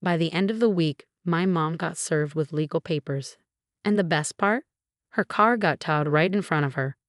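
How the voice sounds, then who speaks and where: A woman narrating a story in a measured, even way. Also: low-pitched, no room sound, clean studio sound.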